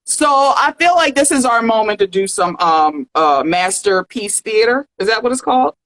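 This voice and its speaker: A woman's voice: on the high side, animated, moderate pace, fairly bright tone, low-quality recording. A woman hosting a pop culture podcast, sassy and slangy in casual chat. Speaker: podcast host.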